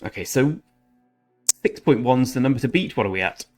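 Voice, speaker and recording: Speaking a little fast with lively intonation, a man with a mid-range voice chats over his strategy game for his gaming channel. He rambles casually and keeps correcting himself mid-sentence, with faint music in the background.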